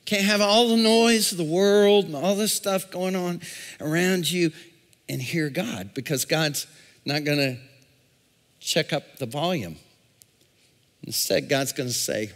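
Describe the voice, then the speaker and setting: A male pastor preaching a sermon, calling out to the congregation and swinging from shouts to a near-whisper. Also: a little high, expressive, takes it slowly, gravelly, long pauses. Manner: call-and-response preaching. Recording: long reverb in a large hall.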